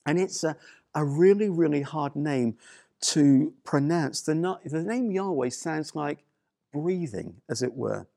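Slow, gravelly-voiced male preacher. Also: a little high, expressive, dark tone, no room sound, studio quality. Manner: emphatic, repeats key phrases. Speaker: pastor. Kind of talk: sermon.

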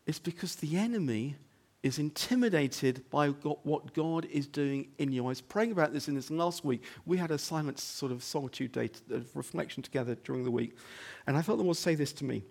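A male pastor delivers a sermon in his church, chatting with the congregation through rhetorical questions and quick "okay?" checks. His voice sits a little higher than most men's. He sinks into quiet, low passages, then builds to loud, emphatic ones. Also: creaky. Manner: conversational preaching, frequent "okay?" asides and rhetorical questions; swings between hushed low moments and loud emphatic stretches.

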